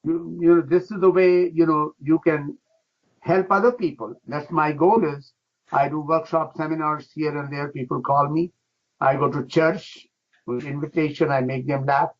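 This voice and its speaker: A man's voice: on the high side, fairly even intonation, normal speed. An older man, a laughter yoga teacher, talking with exuberance in broken English and breaking into chants and laughter as a radio guest. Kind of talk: enthusiastic radio interview. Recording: dull lo-fi radio sound.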